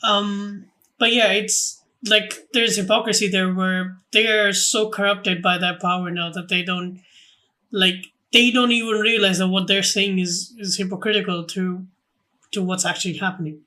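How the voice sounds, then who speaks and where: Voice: mid-range voice, steady tone, moderate pace, pushed and bright. A podcast co-host explaining film lore in casual chat, hesitant and full of fillers.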